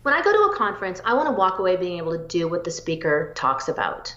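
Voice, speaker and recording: Eager woman psychologist, roomy lo-fi audio. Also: fairly low pitch. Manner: energetic, eager, rapid bursts. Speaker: psychologist guest. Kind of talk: interview answers.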